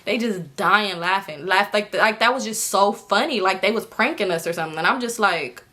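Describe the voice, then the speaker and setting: A bright, forceful woman in her twenties spins a story straight to her viewers. She is animated and swears freely, and her voice leaps up high whenever she acts out someone else. Her pitch sits mid-range for a woman. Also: normal speed. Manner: animated, jumps high in pitch when acting out others. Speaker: storytime vlogger. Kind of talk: casual storytelling to camera.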